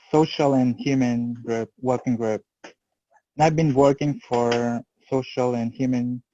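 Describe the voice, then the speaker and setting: A man introducing himself on a video call, halting with fillers and restarts. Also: medium pitch, dark tone, dry recording. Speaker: researcher seeking a postdoc. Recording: dry, dull lo-fi call audio.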